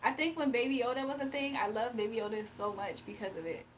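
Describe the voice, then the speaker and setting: A young woman giving spiritual readings on a livestream reads viewer comments aloud and answers them bluntly and confrontationally. Her voice is a little high and quick, with a little hiss or hum.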